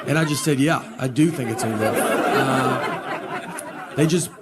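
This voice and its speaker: A man performing a stand-up comedy set, telling stories in a slow deadpan way with hesitant pauses. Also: medium pitch, over a noisy crowd. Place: live comedy venue with audience. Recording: live show with audience laughter and background noise.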